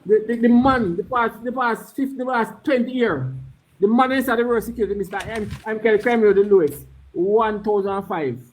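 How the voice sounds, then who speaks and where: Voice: medium pitch, a little fast, rough recording. A caller arguing defiantly in patois, repeating phrases again and again. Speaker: caller on a live political chat. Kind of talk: heated political argument.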